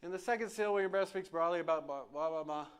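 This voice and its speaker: Speaking fast and smoothly in a fairly high pitch, a pastor preaches in a church sanctuary. He uses a question and answer session, talking emphatically and repeating phrases for emphasis.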